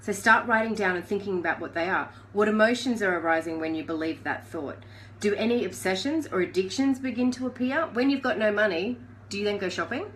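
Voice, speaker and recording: A woman's voice: medium pitch, expressive, fairly quick, fairly bright tone, a little hiss or hum, poor audio. A woman giving a casual live coaching talk in a chatty, conversational way, asking the listener questions. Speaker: life coach.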